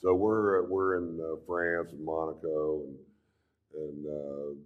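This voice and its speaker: Middle-aged male stand-up comic, very low voice, laid-back cursing drawl, muffled live recording. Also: level tone, takes it slowly. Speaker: stand-up comedian. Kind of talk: stand-up storytelling.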